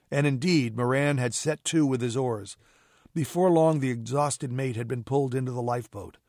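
A man narrating an audiobook with steady, even storytelling. His voice sits at a middle pitch for a man. The recording is close and dry, with no room sound. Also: normal speed, no echo. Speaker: audiobook reader. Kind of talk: scripted narration.

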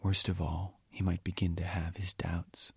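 A man reading from his novel in a measured, quiet way, at times almost whispering. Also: sits low, level tone, vocal fry, husky, dry recording. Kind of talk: audiobook-style reading.

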